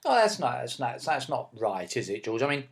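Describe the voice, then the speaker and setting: A man speaks as a patient, encouraging father in a scripted comedy chat. His voice rises and falls in a lively, sing-song way as he coaxes and reassures. He keeps coming back to his son's name. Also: mid-range voice, brisk, creaky. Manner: patient, gently encouraging, repeats the boy's name.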